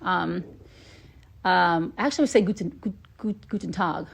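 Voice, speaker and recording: A woman's voice: lowish voice, normal speed, gravelly, breathy edge. Chatty woman talking into a phone. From Atlanta, Georgia, US. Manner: chatty and playful, many filler ums. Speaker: live stream host. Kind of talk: casual live stream chat.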